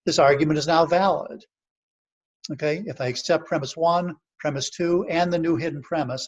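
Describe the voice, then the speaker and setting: A man's voice: fairly high pitch, husky. A man giving an online library lecture, explaining step by step and often checking in with "okay" and "right". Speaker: author giving a library presentation.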